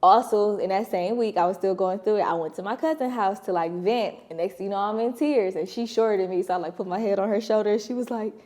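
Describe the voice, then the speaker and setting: Mellow-voiced woman, slangy and candid. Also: mid-range voice, fast talker, few pauses. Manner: slangy, candid, laughs while telling stories. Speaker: podcast co-host. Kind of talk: casual chat.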